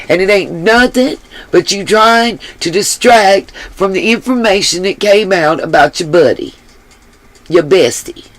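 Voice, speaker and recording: Her voice is fairly low and the recording has no room sound. She hosts a YouTube commentary channel and delivers an angry, blunt, profane rant, while apologizing for sounding so harsh.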